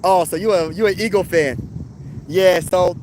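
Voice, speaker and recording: A high-pitched young man from Pennsylvania riffs on football in loose, slangy chat. He fires off rhetorical questions and keeps an easy, animated flow. A faint hum sits beneath his voice. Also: moderate pace, low-quality recording. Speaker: sports talk livestream host. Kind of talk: casual live chat reading viewer comments.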